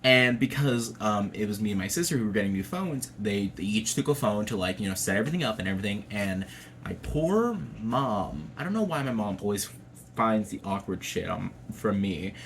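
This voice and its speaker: Lively young man with a low voice. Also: normal speed, slight background noise. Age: young adult. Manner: chatty, swears freely, laughs often. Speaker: vlogger. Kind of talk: casual personal storytelling.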